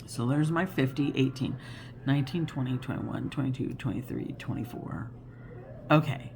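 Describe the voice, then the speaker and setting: A woman's voice: a bass voice, moderate pace, creaky, noisy background. A woman in her fifties hosting a casual crafting chat, rambling and chatty and laughing often. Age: 50s. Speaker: crafting channel host.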